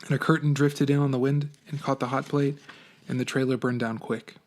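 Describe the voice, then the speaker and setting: A man, a teacher, reading a novel aloud for his class, with an expressive, animated first-person delivery. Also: medium pitch, a little fast.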